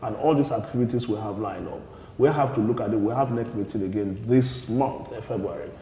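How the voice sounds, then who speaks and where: A man, a party spokesman answering interview questions in a measured, explanatory way and often repeating words as he restarts. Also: on the low side, warm tone, a little hiss or hum. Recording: echoey studio with long reverb.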